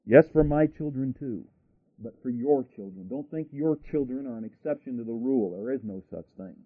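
A man's voice: medium pitch, expressive, moderate pace, slightly rough, dry recording. Male preacher going hard on a sermon, lots of restarts n asides, dry phone-thin radio sound. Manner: emphatic, rhetorical, frequent restarts and asides. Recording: dry, tinny radio broadcast.

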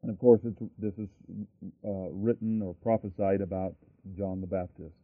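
Male preacher, emphatic sermon delivery, mid pitch, tinny dry recording. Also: fairly even intonation, normal speed, dry recording. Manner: emphatic, repeating phrases for stress. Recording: tinny phone-like line, dry.

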